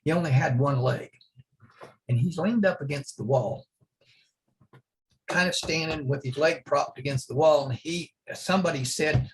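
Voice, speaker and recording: A man's voice: fairly high pitch, moderate pace, long pauses. An older man from Oklahoma telling rambling, chuckling stories as an interview guest. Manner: rambling anecdotes, chuckling often. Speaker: interview guest, retired drag racer. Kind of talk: casual storytelling.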